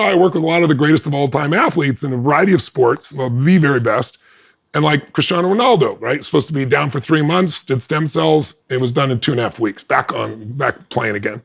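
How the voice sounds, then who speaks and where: A man as an interview guest, telling a personal story in an animated way and acting out the quoted dialogue with big swings in pitch. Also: fairly quick, vocal fry, breathy edge.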